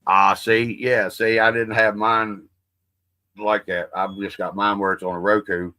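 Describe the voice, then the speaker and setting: Brief: middle-aged male host, folksy and profane, rambling chat, bright edge. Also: on the low side, little pitch movement, a little slow, no echo. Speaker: livestream host. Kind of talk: casual livestream chat.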